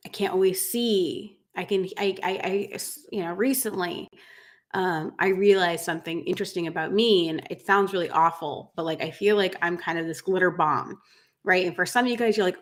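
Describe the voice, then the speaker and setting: A woman's voice: lowish voice, steady tone, fairly quick. A woman hosting a casual livestream as a grooming business coach, chatting emotionally to viewers with lots of fillers and restarts. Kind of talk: casual livestream chat reading viewer comments.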